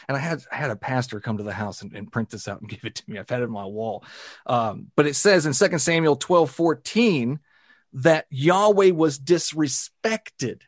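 A man's voice: mid-range voice, no room sound. A man speaking bluntly in a casual discussion, challenging the other side as a skeptical guest.

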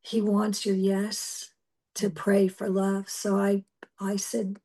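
A middle-aged woman preacher giving a personal testimony, telling her story earnestly and emotionally with halting restarts. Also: mid-range voice, flat delivery, dark tone.

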